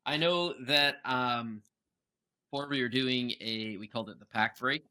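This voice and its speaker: A young man co-hosting a podcast in casual chat, animated, often breaking into exaggerated impressions. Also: medium pitch, unhurried, smooth. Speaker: podcast co-host.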